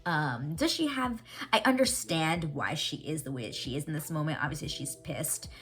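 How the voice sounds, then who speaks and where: Low-voiced woman, lively and excitable. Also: moderate pace, soft background music. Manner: animated, excitable, swears freely. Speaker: TV reaction vlogger. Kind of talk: casual recap and reaction chat.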